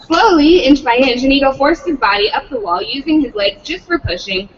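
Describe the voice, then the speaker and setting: A woman's voice: sits high, lively intonation, brisk, long reverb tail, distant mic, muffled recording, slight background noise. A woman reading a novel aloud at a public read-in, slipping profanity into the text. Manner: adds profanity, breaks off laughing.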